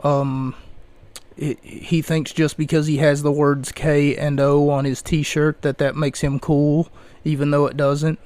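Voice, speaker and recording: A man's voice: fairly high pitch, flat delivery, measured pace, a little mellow, dry recording. A man hosting a podcast, ranting sarcastically in casual commentary. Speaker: podcast host.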